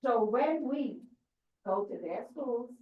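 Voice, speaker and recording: Woman church lecturer, higher voice, teaching style that keeps asking the room questions; dull, far-off echoey recording. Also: expressive, slow. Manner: questioning, checks in with listeners.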